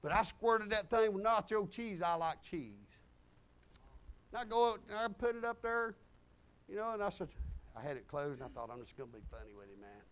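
High-voiced, animated storytelling preacher. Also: male voice, normal speed, long pauses, smooth. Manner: animated, exclamatory, chuckling storyteller. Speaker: pastor. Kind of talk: sermon with personal storytelling.

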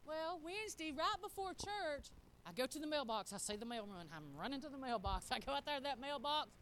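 Middle-aged woman preacher, high bright voice, folksy storytelling sermon. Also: brisk, slight background noise. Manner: animated, folksy, acts out quotes.

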